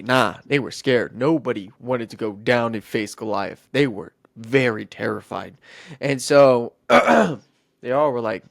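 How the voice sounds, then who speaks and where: A man's voice: mid-range voice, expressive, measured pace, creaky, no room sound, studio quality. A man hosting a podcast, retelling a Bible story casually with rambling, goofy asides and self-interruptions. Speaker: podcast host.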